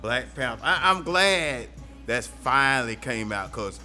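A man's voice: medium pitch, expressive, measured pace, sharp tone, faint music behind. A man hosting a casual podcast chat, laughing often and asking questions. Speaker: podcast host.

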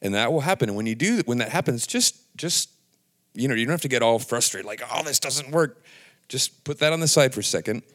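A man giving an earnest, casual devotional talk, halting and full of restarts, sometimes dropping to a hushed near-whisper. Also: medium pitch, expressive. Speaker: Christian speaker.

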